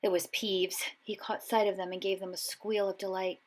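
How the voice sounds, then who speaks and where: A woman reading a children's storybook aloud, expressive and giving each character a voice. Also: medium pitch, normal speed, rough recording. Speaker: audiobook reader.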